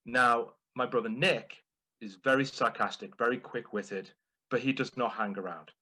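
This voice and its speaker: A man's voice: medium pitch, fairly even intonation, pushed and bright, slight background noise, poor audio. A man delivering a playful, humorous prepared speech at a speaking club. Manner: playful, deliberate.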